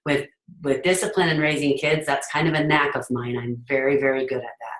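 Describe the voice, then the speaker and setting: A middle-aged woman coaching her listeners in an earnest, casual way, her voice sitting very low for a woman. She is recorded in an echoey room. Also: steady tone, fairly quick. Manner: earnest, acts out parents' voices. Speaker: host, leadership coach. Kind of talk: casual talk to an audience.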